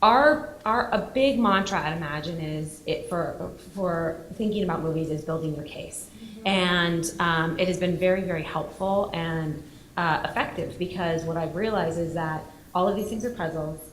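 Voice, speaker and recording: A woman producer with a lowish voice speaks on a festival panel. she is emotional and animated and punches her points. her voice carries the roomy echo of a big hall. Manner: emotional and animated, quick bursts of emphasis. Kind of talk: candid panel discussion.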